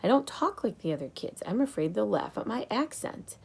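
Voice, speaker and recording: A woman voicing a shy young schoolgirl who speaks softly. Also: mid-range voice, very animated, fairly quick, vocal fry, breathy edge, heavily acted. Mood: gentle. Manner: soft, hushed.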